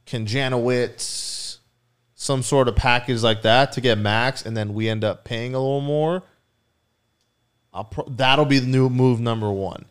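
A man's voice: medium pitch, a little slow, smooth. A man co-hosting a casual sports podcast, joking, swearing and steering the questions. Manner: profane, joking, steers the segment. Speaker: podcast co-host.

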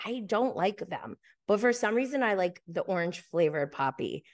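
A woman's voice: mid-range voice, moderate pace. Chatty woman telling a story. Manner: chatty, many fillers and "like", animated when quoting others. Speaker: podcast host. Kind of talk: casual storytelling chat.

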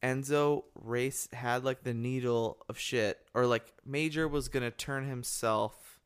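A man's voice: mid-range voice, fairly even intonation, a little slow, smooth. A man co-hosting a podcast, talking bluntly and swearing freely. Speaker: podcast co-host. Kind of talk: casual chat.

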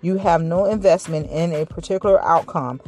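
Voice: mid-range voice, moderate pace, a little mellow, soft background music. A vlogger giving a casual, reflective motivational talk to viewers, rambling with frequent restarts and a slight stutter. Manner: says they stuttered in school.

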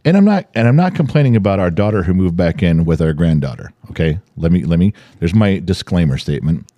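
An older man, co-hosting a podcast, chatting casually and telling animated stories with acted-out voices. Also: sits low, fast talker, dry recording, highs cut off. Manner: animated storytelling, acting out voices. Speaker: podcast co-host. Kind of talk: casual chat.

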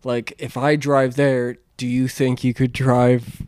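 A man's voice: mid-range voice, little pitch movement, slow, darkish tone, smooth. A man telling a rambling story in casual chat, swearing, laughing and acting out what people said. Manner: swearing, laughing, acts out quotes.

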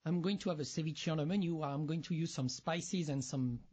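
A man with a French accent, a chef guest talking earnestly in halting, non-native phrasing in a casual interview. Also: fairly high pitch, darkish tone, breathy edge. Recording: muffled lo-fi audio.

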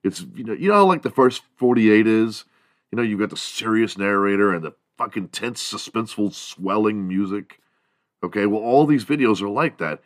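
Male podcast host, fairly low voice, dry close sound, loose swearing comic rant, slips into squeaky impressions. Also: normal speed, no echo. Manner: rambling, profane, laughs at own jokes; mimics other people in high squeaky voices. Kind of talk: solo comedic monologue.

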